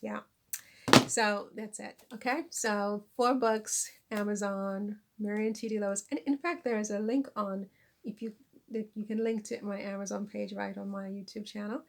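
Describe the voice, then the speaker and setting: A woman's voice: mid-range voice, steady tone, moderate pace, vocal fry. A woman vlogger chatting casually to camera, self-deprecating and laughing at herself as she recommends her books. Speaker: vlogger and author. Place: lives in France.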